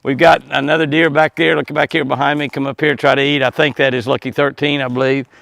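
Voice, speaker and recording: Older man, folksy ranch vlogger, gravelly tone, recorded outdoors. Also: mid-range voice, level tone, fast, a bit bright, dry recording. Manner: chatty, folksy, chuckles often, talks to animals. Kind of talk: casual outdoor vlog narration. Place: outdoors by an animal pen at dusk.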